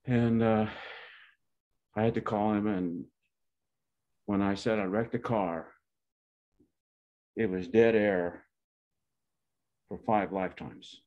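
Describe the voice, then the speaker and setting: Speaking slowly with long pauses, a man in his 70s from Pawnee, Oklahoma, shares a wandering, folksy tale from his family life and keeps correcting himself. His voice is fairly low with a steady tone, heard through a dull lo-fi recording.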